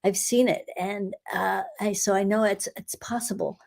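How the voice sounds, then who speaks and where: A woman hosting a live session as an energy healer, guiding a meditation in an unhurried way with frequent soft laughs and the odd whisper. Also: mid-range voice, steady tone, vocal fry. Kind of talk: guided energy-clearing meditation.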